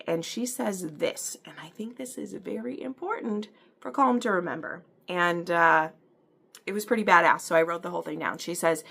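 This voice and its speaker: A woman from the American Midwest chatting through an episode recap, talkative and animated, full of fillers and acted-out quotes. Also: lowish voice, normal speed, vocal fry. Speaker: book and TV reviewer. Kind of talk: casual recap and review.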